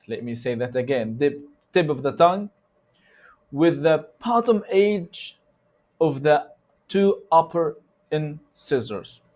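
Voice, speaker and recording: A man with an Egyptian Arabic accent, a native Arabic speaker, teaching a recitation lesson in loose conversational English and slowly repeating sounds to demonstrate them. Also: on the high side. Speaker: tajweed teacher. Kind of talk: instructional lesson.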